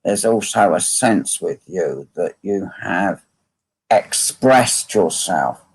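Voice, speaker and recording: Slow, gravelly man giving a medium reading. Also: deep voice, a little mellow. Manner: slow, repetitive phrasing, asking "can you understand this?". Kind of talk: live online mediumship reading.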